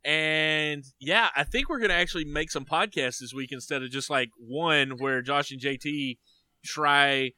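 A male podcast co-host with a very bright, forward voice, recorded close in a dead-dry room. He chats casually about sports, teasing his co-hosts, and gets animated when something excites him. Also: fairly high pitch, measured pace, no room sound.

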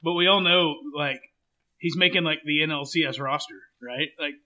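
A male podcast co-host with a bright, somewhat high voice. He chimes in with easygoing, wry remarks during casual sports chat. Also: moderate pace.

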